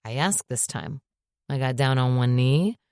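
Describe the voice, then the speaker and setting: A woman narrator voicing a tender, gently amused man in an audiobook, speaking softly. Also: very deep voice, a little slow, clean tone, dry recording, studio quality.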